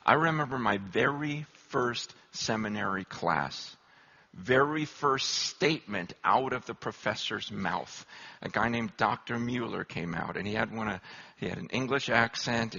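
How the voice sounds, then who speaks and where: A man preaching a sermon, telling self-deprecating stories in an animated, humorous way. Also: fairly low pitch, vocal fry, breathy edge, dull audio. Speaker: pastor.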